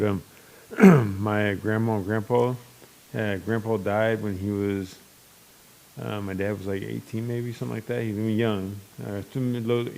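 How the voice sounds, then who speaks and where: A man's voice: fairly low pitch, vocal fry, darkish tone. A young man hosting a podcast, talking in a rambling, blunt and open way with many restarts. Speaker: podcast host. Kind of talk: casual chat.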